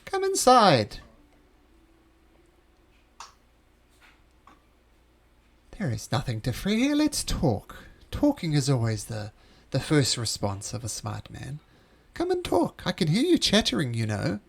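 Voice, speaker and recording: A man's voice: on the high side, wildly swooping pitch, normal speed, vocal fry, few pauses, full character voice. A man voicing a sly unseen creature that coaxes visitors inside with a wheedling manner. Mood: coaxing. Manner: wheedling, coaxing.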